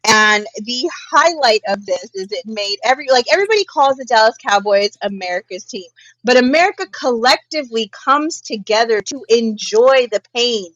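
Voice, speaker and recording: A fairly high-pitched woman co-hosts a casual pop culture podcast. She tells the story in an animated way, swearing freely. Her voice sounds close and dry. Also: normal speed, no room sound, highs cut off. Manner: animated, profane storytelling with frequent laughs. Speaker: podcast co-host.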